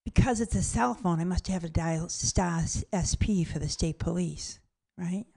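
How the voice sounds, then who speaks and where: A woman's voice: fairly low pitch, a little slow, creaky, dark tone. A woman telling a comic personal story aloud, blunt and profane, acting out the other people's voices as she goes.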